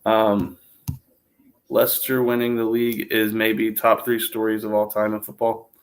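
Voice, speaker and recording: A relaxed American man hosts a live sports watch-along, talking in an easy, rambling way. His voice sits a little low, and he laughs often between thoughts. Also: moderate pace. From United States. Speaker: host. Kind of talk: casual livestream chat.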